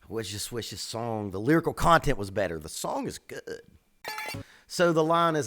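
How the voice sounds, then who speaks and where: A man, a drum teacher, giving casual, blunt reaction commentary on songs, swearing freely and stressing words with lively emphasis. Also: mid-range voice, moderate pace.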